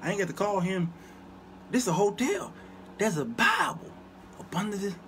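A man hosts his own show, spinning comic stories for the viewers in the chat. His voice sits high and swoops with lively pitch, and he breaks into laughter and asides often. A faint hiss runs under the talk. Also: normal speed. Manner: animated, laughs often, talks back to viewers. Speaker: show host. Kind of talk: comedic storytelling to a live chat.

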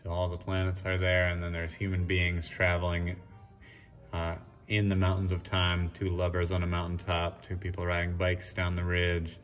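Deep-voiced man touring his art show. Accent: mixed Australian and New Zealand. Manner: relaxed, musing, with fillers and restarts. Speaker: artist giving a gallery tour. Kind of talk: casual walk-and-talk. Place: historic house gallery, indoors. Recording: roomy and distant, faint music behind.

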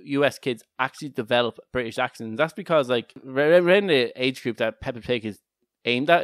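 A man's voice: mid-range voice, dry recording. Man, podcast co-host, rambling casual chat, dry close mic. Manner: rambling, laughs often, frequent restarts.

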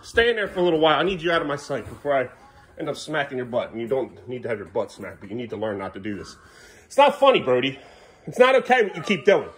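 A man's voice: mid-range voice, big pitch swings, quick pace, a bit bright. A man in a casual vlog, scolding in an exasperated way and repeating the same stern words over and over. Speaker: vlogger.

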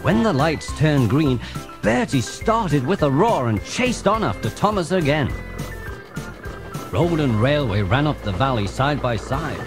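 Guy narrating a kids story, animated delivery, music behind. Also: fairly high pitch, a little slow. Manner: lively, expressive storytelling. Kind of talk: storybook reading.

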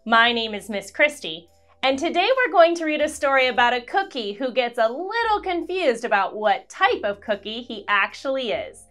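Bright, lively kids' storyteller woman, high voice, faint music under her. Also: normal speed. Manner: animated, expressive, sing-song. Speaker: children's storyteller. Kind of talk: read-aloud for kids.

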